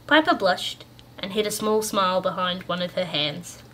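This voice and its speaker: Bright-voiced woman reading a bedtime story. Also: fairly low pitch, moderate pace.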